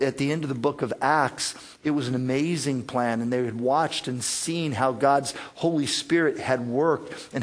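Earnest preacher man, slightly high voice. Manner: earnest, animated, with frequent restarts and fillers. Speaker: pastor. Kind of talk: sermon.

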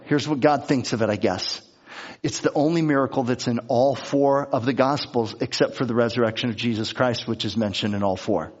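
A pastor preaching a conversational sermon, with many restarts and quick acted-out asides. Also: male voice, mid-range voice. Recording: dull lo-fi recording.

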